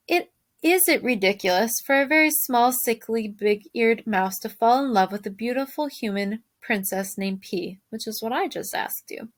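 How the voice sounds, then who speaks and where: A woman teacher reads a chapter book aloud to her class. Her voice sits a little high. She reads expressively and often pauses to put questions to her listeners. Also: a bit bright. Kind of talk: reading a storybook aloud to a class.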